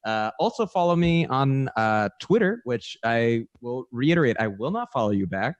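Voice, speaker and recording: A man's voice: medium pitch, sing-song, moderate pace, no room sound, lo-fi sound. A man who is a comedian and game player, chatting with wry, joking asides. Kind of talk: casual podcast chat.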